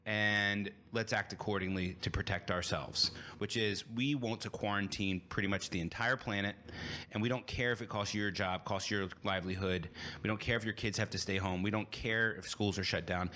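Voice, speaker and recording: A man's voice: lowish voice, fairly even intonation, brisk, bright, forceful tone, a little hiss or hum. A man in his thirties, a podcast host giving a blunt, emphatic opinion monologue.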